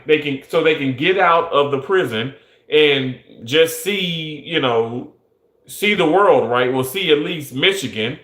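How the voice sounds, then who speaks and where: A man's voice: fairly high pitch, fairly bright tone. A young adult man who works in surgery, talking earnestly and emphatically with many restarts. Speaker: surgical technologist. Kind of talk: casual monologue. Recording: echoey room.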